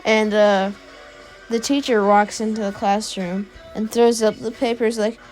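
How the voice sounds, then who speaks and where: A woman's voice: medium pitch, fairly even intonation, measured pace, darkish tone, soft background music. A woman narrating an improvised fan story, rambling with fillers and self-corrections.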